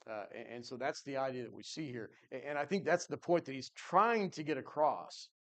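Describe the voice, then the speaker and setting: A man's voice: medium pitch, a little fast, a bit bright. A man teaching a Bible class in an earnest, conversational way, thinking aloud and answering his class.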